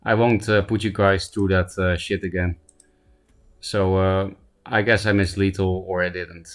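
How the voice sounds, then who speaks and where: A man with a very low voice talks through a card game on stream, self-deprecating and wandering in thought. His voice is hoarse from laughing, and he keeps clearing his throat. Quiet music plays faintly behind him. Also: little pitch movement, unhurried. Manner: self-mocking, thinking aloud, frequent throat clearing. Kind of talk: casual gameplay commentary.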